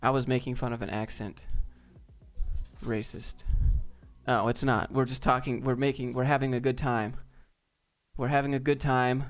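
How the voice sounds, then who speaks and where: Laid-back man with a smooth voice. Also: medium pitch, level tone, moderate pace, pauses often. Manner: laid-back, joking, off-the-cuff. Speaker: streamer answering viewer chat. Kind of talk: casual live chat Q&A.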